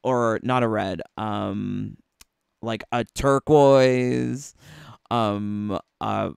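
A man's voice: on the low side, fairly even intonation, drawn-out words, vocal fry, darkish tone, clean tone, dry recording, studio quality. A man giving casual, playful commentary on video game costumes, sassy and full of rhetorical questions. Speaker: gaming YouTuber.

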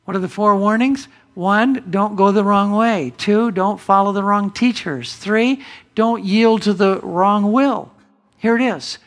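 A man preaching a sermon as pastor in a church, emphatic, with big swings from loud declarations to hushed asides. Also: high-pitched, measured pace. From United States. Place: church sanctuary.

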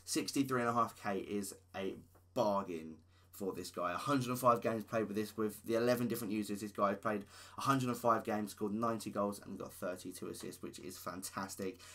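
A man's voice: on the low side, fairly even intonation, brisk, gravelly, a bit bright. A man giving casual gaming commentary, rattling off player stats with enthusiasm. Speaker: gaming YouTuber.

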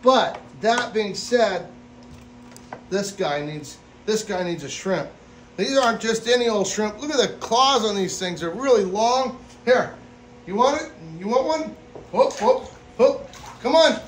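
Excited guy feeding fish at a pet shop, laughs a lot, yells oh, roomy echo. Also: sits high, a little slow, a little hiss or hum. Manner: excitable, bursts of laughter and loud exclamations. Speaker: exotic pet store host feeding animals. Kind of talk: casual vlog commentary. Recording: echoey room.

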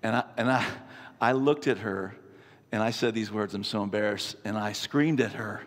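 A man in his fifties preaching a sermon, an animated, self-mocking storyteller. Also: fairly low pitch, moderate pace. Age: 50s. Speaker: pastor. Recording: long reverb from a large hall.

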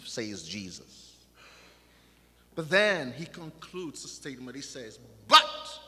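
A man preaching a sermon in a church, swinging from loud exclamations to hushed, drawn-out lines. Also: mid-range voice, sing-song. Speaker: pastor. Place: church sanctuary. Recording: long church hall reverb.

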